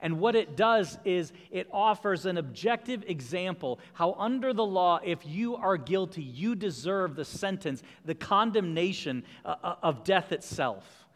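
High-voiced preacher in a reverberant church. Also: male voice, lively intonation, unhurried, few pauses. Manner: emphatic preaching with repeated refrains. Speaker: pastor. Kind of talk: sermon. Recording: long hall reverb.

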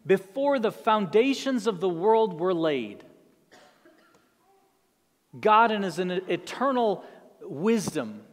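Man, pastor, sermon, earnest storytelling, slightly high voice, echoing church hall. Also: fairly bright tone.

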